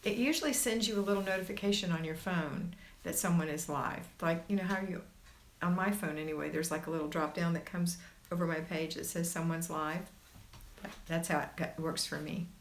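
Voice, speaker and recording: A woman's voice: fairly low pitch, steady tone, brisk, slight background noise. Chatty woman hosting a livestream. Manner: chatty, reassuring, reads viewer comments aloud. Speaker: homemaking livestream host. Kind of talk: casual livestream chat reading comments.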